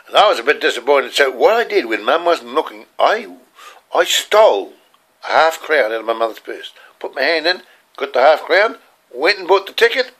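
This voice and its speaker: A man's voice: on the high side, big pitch swings, normal speed, fairly bright tone. An older man with an Australian accent, telling rambling, earnest stories from his childhood. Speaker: storyteller. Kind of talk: personal childhood storytelling.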